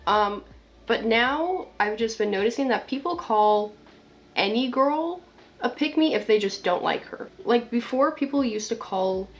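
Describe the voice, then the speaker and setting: A woman's voice: on the high side, animated, unhurried. Chatty young woman vlogger. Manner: chatty, blunt, swears casually, lots of "like". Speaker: video essayist. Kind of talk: casual commentary vlog.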